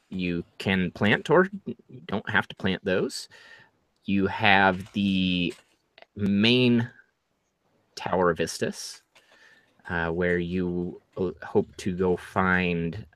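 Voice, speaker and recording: Slow, deep-voiced man running a tabletop game. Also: a bit bright, no echo. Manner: slow, halting delivery with many fillers. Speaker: game master.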